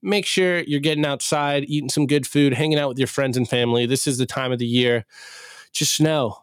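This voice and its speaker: A man's voice: mid-range voice, steady tone, a little fast, clean tone, no room sound, studio quality. A man hosting a casual livestream podcast, talking in a loose, upbeat way and hyping his sign-off. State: recovering from illness. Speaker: podcast host.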